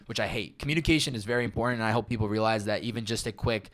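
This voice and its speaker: A man's voice: lowish voice, rapid-fire, fairly bright tone. A young man, a podcaster guest, talking casually and candidly in an interview, rambling a bit and acting out quoted lines.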